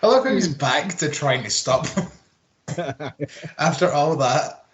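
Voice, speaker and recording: A man's voice: fairly high pitch, expressive, takes it slowly, highs cut off. A man co-hosting a casual podcast chat, ranting with plenty of swearing and mocking put-on quotes. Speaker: podcast co-host. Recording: roomy echo.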